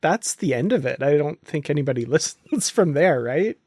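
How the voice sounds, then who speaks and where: A man's voice: a little high, lively intonation, normal speed, a little mellow, no echo, clean studio sound. A man hosting a podcast in casual chat, often laughing and restarting his sentences. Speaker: podcast host.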